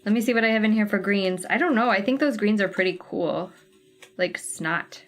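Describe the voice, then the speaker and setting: With faint music playing behind her, a woman running a cross-stitch livestream talks at a moderate pace in a medium-pitched voice. She's chatty, musing aloud to viewers while organizing her flosses.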